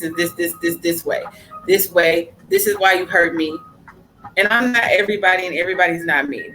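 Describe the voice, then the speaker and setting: A woman's voice: medium pitch, a bit bright, a little hiss or hum, poor audio. A woman hosting a casual podcast, talking emphatically and repeating her points for stress. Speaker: podcast host.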